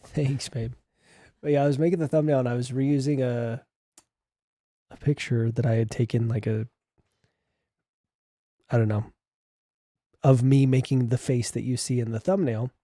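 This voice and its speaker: Casual young man livestreaming, dark tone. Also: mid-range voice, fairly even intonation, moderate pace, long pauses, no echo, studio quality. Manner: chatty, joking, reads chat aloud. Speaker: livestream host.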